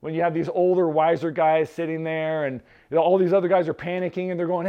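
Conversational preacher man, higher-pitched voice. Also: little pitch movement, quick pace, few pauses, clear, resonant tone, dull audio. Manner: conversational, tags points with "right?", jokes aside. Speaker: pastor. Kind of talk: sermon.

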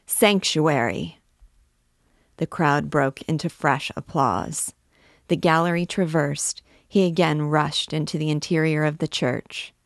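Slow, low-voiced woman reading aloud. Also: creaky, no room sound, clean studio sound. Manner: measured, deliberate reading. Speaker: book reader and guide. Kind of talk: literary read-aloud narration.

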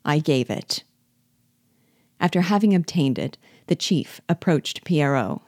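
Brief: woman audiobook reader, low register, steady literary narration, dead-dry sound. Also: measured pace, dry recording. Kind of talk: measured literary reading.

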